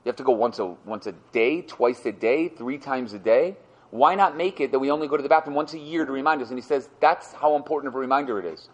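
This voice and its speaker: A fast-talking man with a medium-pitched voice explains Torah sources to a class in an energetic, teacherly way. Rhetorical questions and repeated phrases run through his delivery.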